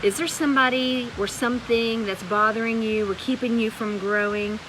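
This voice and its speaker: A middle-aged woman reading a children's Bible story aloud in a live stream, expressive, asking her viewers questions. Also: fairly high pitch, normal speed, background noise. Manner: animated and expressive, with gasps and questions to the audience.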